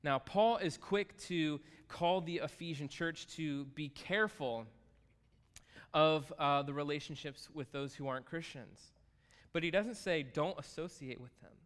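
A pastor giving a conversational, joking sermon, animated and lively at times. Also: male voice, a little high, unhurried. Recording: hall reverb.

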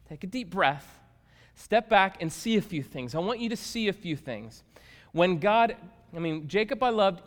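A man preaching a sermon as a pastor, swinging from hushed tones to loud emphatic shouts. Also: high-pitched. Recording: long reverb of a large hall.

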